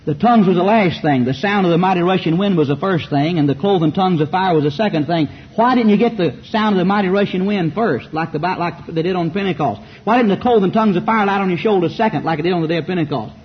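A man with a Southern US accent preaches a fiery sermon packed with rhetorical questions and mocking asides. His husky voice sits high and races along with few pauses. The recording is muffled, with a faint hiss behind it.

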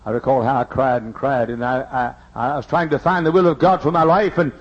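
A middle-aged male pastor from Texas, preaching from a pulpit in a large church, swinging from hushed confession to shouted preaching. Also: medium pitch, fairly even intonation, brisk. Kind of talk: emotional sermon storytelling. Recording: muffled lo-fi sermon tape.

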